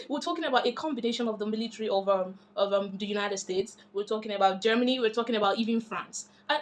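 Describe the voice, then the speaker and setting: Animated woman explaining politics. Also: fairly high pitch. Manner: chatty and emphatic, animated when making points. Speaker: vlogger explaining international politics. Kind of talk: casual explanatory vlog.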